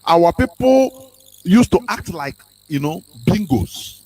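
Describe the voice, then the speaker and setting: A man hosting a radio talk show, speaking in an animated, sermon-like way with fillers. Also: on the high side, slow pace, poor audio. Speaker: radio host.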